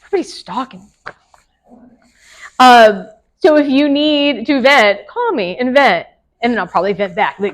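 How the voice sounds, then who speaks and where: Woman broker, higher voice, chatty lecture to a room of agents, quick laughs. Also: expressive, low-quality recording. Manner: chatty, laughs often, asks the room questions. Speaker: real estate broker teaching agents. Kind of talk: casual classroom lecture.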